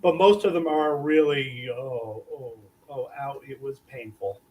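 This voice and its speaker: A man on a podcast panel, talking in a quick, chatty way. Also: mid-range voice, darkish tone, a little hiss or hum. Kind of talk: casual round-table chat.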